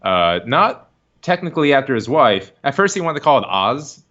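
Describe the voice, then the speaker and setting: Male podcast host; excitable rambler, bright tone, lo-fi stream audio. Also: medium pitch, normal speed. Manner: rambling, excitable, laughs a lot. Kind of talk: casual chat. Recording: dull lo-fi stream recording.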